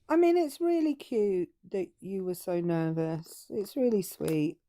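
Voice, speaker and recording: A woman's voice: mid-range voice, expressive, measured pace, mellow, no echo. A woman co-hosting a call-in show, teasing and questioning a caller playfully. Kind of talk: teasing banter.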